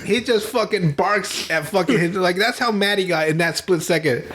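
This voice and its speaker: A man's voice: high-pitched, moderate pace, background noise. A man hosting a podcast over a remote call, retelling a movie in a casual, profane way and laughing often. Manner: profane, laughing, animated storytelling. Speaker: podcast host.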